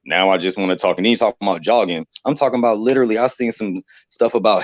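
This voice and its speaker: A man on a live stream discussion, talking in an animated, profane way and laughing often. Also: fairly low pitch, very fast, hardly any pauses, no room sound. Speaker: livestream panelist. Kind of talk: heated casual discussion. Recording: dry, dull lo-fi sound.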